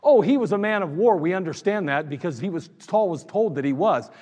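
Recorded in an echoey church hall with long reverb, a man preaches as pastor in a high-sitting, mellow, animated voice at a fairly quick pace. He brings the story to life and acts out the lines he quotes.

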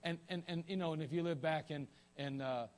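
A man's voice: a little high, brisk, a little mellow. A man preaching a sermon in a folksy, joking way, often restarting his sentences, with an Ohio accent. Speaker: pastor.

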